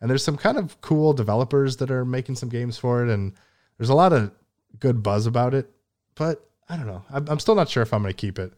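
A man's voice: mid-range voice, a little fast, a little mellow. A man hosting a casual gaming podcast, rambling and laughing often as he talks. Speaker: podcast host.

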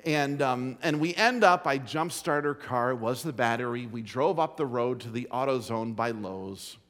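Male pastor, middle-aged, folksy storyteller, emphatic, mid pitch, big hall echo. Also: normal speed, fairly bright tone. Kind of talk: sermon. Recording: long hall reverb.

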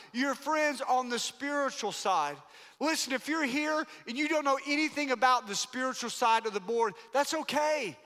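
A man's voice: extremely high pitch, fairly bright tone. A male pastor preaching a sermon to his church in an emphatic, playful way. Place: large church auditorium. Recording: long hall reverb.

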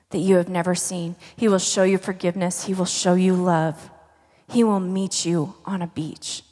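A woman's voice: medium pitch, a little mellow. A woman pastor preaching a sermon in an emphatic, conversational storytelling manner, heard in a reverberant church hall.

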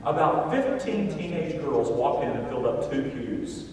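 A man preaching a sermon as a pastor, telling stories with animated, emphatic delivery. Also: mid-range voice, moderate pace, a crowd in the background. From Southern United States. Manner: animated storytelling, builds to loud emphatic points. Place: large church sanctuary. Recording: echoey church hall from far off.

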